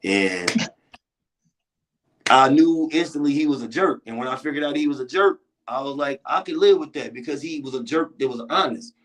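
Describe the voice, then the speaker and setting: A man who is a comedian, telling stories in a casual interview, loose and relaxed with repeated words. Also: medium pitch, moderate pace, rough recording. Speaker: comedian guest.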